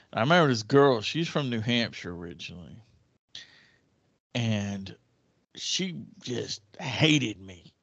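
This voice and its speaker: A man's voice: on the low side, fairly bright tone, no room sound. Rambling man telling a story. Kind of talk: casual chat, storytelling. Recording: dull, dry lo-fi recording.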